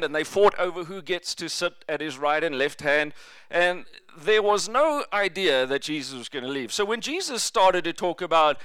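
A man's voice: high-pitched, smooth, no room sound, clean studio sound. A male pastor preaching a sermon in a church, telling stories and slipping in jokes. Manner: jokey, lively storytelling preacher.

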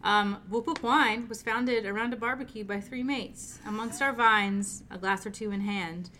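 A woman's voice: medium pitch, normal speed, pushed and bright. A woman co-hosting a podcast, chatting loosely over wine and laughing often. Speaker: podcast co-host. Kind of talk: casual chat over wine.

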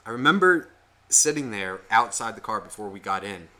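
Guy on a podcast, swearing every other word, rambling story, really bright sharp tone. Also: fairly low pitch, moderate pace. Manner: profane, rambling, animated storyteller. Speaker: podcast co-host. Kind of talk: casual storytelling chat.

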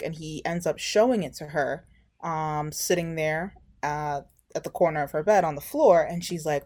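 Animated woman recapping a reality show. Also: deep voice, moderate pace. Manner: animated retelling, acting out quotes. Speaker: podcast co-host.

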